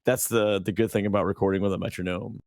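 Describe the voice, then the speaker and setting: A man's voice: on the low side, steady tone, fast, gravelly, a little mellow, dry recording. A man co-hosting a podcast, telling a long story in casual chat, rambling with lots of fillers and restarts. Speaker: podcast co-host.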